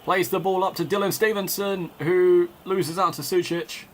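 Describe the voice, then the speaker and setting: A fairly high-voiced man calls a football video game in mock commentator style, cracking jokes, laughing and turning aside to talk to his viewers. Faint game noise sits under his voice. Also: fairly even intonation, moderate pace. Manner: jokey, laughs often, breaks off to chat with viewers. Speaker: gamer doing mock commentary.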